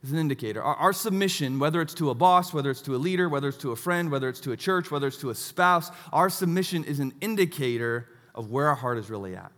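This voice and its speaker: Thirtysomething guy preaching, kinda high voice, pokes fun at himself, big hall echo. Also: fast, hardly any pauses. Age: 30s. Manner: animated storytelling with self-mocking asides. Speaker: pastor. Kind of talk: sermon.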